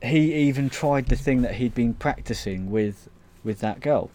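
A man's voice: medium pitch, measured pace, mellow. A man in casual chat, recapping scenes hesitantly with lots of fillers and the odd swear word.

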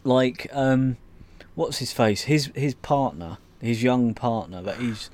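A man's voice: medium pitch, takes it slowly, darkish tone. A man in casual chat, recapping scenes hesitantly with lots of fillers and the odd swear word.

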